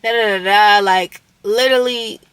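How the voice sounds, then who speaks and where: A woman's voice: mid-range voice, fairly even intonation, normal speed, a bit bright, clean tone, no echo. A young woman vlogger recounting a roommate conflict in a casual storytime, candid and indignant, with slang and swearing.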